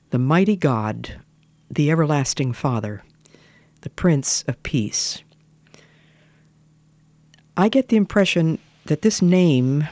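A woman giving a slow, deliberate radio devotional talk as a Bible teacher, stressing words and sometimes dropping to a near whisper. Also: low voice, darkish tone, no echo.

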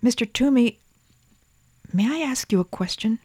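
A reader voicing a quiet, earnest seven-year-old boy who whispers politely in a storybook. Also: mid-range voice, animated, moderate pace, breathy edge, dry recording, voice pushed up. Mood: hushed polite. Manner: soft, hushed pleading whisper.

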